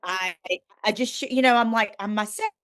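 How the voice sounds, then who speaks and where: A woman's voice: mid-range voice, normal speed, a bit bright. A middle-aged woman, a guest author on a podcast, telling a candid personal faith story with earnest emphasis.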